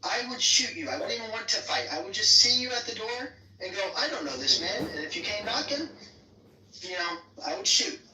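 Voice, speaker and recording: A young man with a squeaky, nasal voice, stammering and repeating himself in a heated voice-chat argument. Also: expressive, sharp tone, slight background noise. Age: young adult. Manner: halting, stammering, with nervous repeats. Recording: roomy, distant sound.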